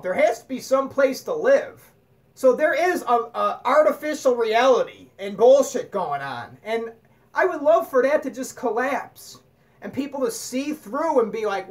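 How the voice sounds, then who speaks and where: A woman giving a blunt spiritual monologue, swearing freely and preaching with animated force. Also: fairly high pitch. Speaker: spiritual talk host.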